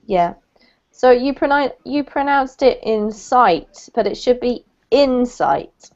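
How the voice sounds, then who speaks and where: A woman tutor runs an online English lesson, praising her student and slowing down to model pronunciation. Her voice sits slightly high. The call audio is dull and lo-fi. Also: expressive, darkish tone. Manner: encouraging, clarifies pronunciation with slow modeled words. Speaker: English teacher.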